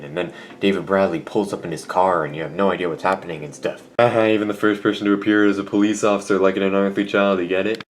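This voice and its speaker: A man's voice: low-pitched, a little hiss or hum. A man giving a casual, rambling and jokey review of a show at home, often correcting himself. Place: at home with a cat on his lap.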